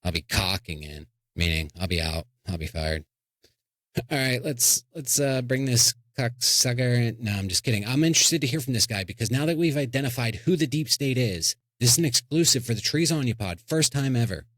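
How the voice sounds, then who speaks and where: A man's voice: medium pitch, expressive, brisk, few pauses, a bit bright, no room sound. A man hosting a comedic podcast, rambling and joking as he introduces segments and guests. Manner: rambling, joking, self-interrupting. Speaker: podcast host.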